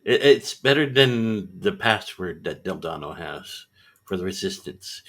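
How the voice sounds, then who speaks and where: A man's voice: sits low, lively intonation, measured pace, fairly bright tone. A man co-hosting a film review podcast, chatting casually and dropping dry, teasing remarks. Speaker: podcast co-host.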